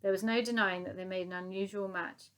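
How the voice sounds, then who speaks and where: A woman narrating a children's novel as an audiobook, telling it in a lively, expressive way. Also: medium pitch, brisk.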